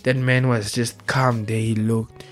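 A young man rants casually about football, excitable and slang-heavy, tagging nearly every phrase with street slang. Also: medium pitch, unhurried, soft background music. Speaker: vlogger.

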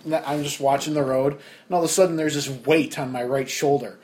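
A young man co-hosting a podcast tells a story during a casual chat, his mid-range voice moving a little fast. He animates the tale by acting out his friends' lines along the way.

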